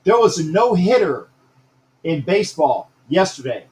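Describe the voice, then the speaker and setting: A man's voice: high voice, big pitch swings, unhurried, a little mellow, roomy sound, rough recording. A man hosting a casual live-streamed sports talk show, rambling, repeating himself and greeting viewers by name.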